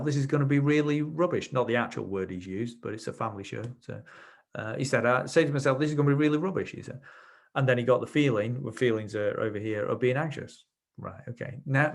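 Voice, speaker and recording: A man giving a webinar on NLP, explaining techniques through client stories in a relaxed, chatty way and acting out what his clients said. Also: mid-range voice. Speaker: webinar presenter, NLP trainer. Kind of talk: explanatory webinar talk with anecdotes.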